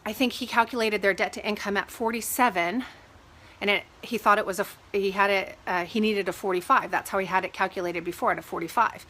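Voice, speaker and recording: Chatty woman with a cold, bright voice. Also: medium pitch, fast. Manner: chatty, animated when retelling arguments. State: stuffy from a cold, sniffling. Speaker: real estate agent. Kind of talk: casual advice vlog. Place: home with dogs.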